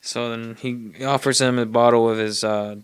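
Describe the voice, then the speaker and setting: A man's voice: mid-range voice, steady tone, moderate pace, clear, resonant tone, dry recording, studio quality. A man casually retelling a movie plot in a rambling, profane way, with streetwise slang. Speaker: podcast host.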